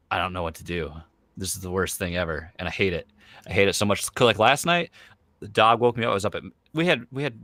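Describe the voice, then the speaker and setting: A man in his thirties hosts a podcast in casual chat, rambling and filling his speech with "like" and "you know." His voice is low-pitched with a fairly bright tone, and there's no echo.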